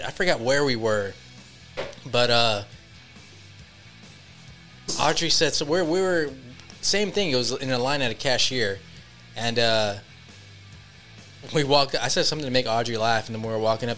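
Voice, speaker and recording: A man's voice: medium pitch, normal speed, pauses often, a bit bright, soft background music. A man co-hosting a podcast, joking around, laughing a lot and swearing freely in crude casual banter. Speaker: podcast co-host.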